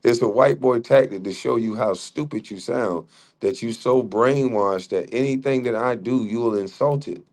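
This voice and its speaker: A man's voice: mid-range voice, normal speed, a little mellow. A middle-aged man hosting a livestream, arguing heatedly with a rival and mocking him with frequent laughs. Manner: mocking, combative, laughs often. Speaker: livestream host.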